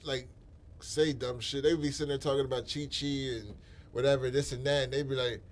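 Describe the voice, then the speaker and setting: A man's voice: mid-range voice, fairly quick. Blunt, profane man hosting a chat. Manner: blunt, profane, animated storytelling. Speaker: podcast host. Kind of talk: casual chat.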